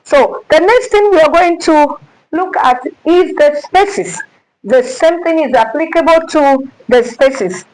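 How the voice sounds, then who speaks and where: Woman, music teacher, deliberate slow delivery, slightly high voice, emphatic, repeats points. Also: lively intonation, a little mellow, rough recording. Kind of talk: classroom music lesson.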